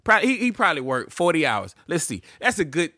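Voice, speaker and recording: Animated, ranting male podcast co-host. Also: fairly high pitch, brisk, dry recording, clean studio sound. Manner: animated, profane ranting with frequent laughter. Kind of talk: casual podcast chat.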